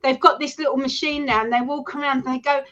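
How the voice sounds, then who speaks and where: A high-voiced woman co-hosts the chat in an easy, gossipy way. She laughs readily and keeps the conversation rolling. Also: fairly even intonation, quick pace, fairly bright tone, lo-fi sound. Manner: chatty, laughs often. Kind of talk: casual chat.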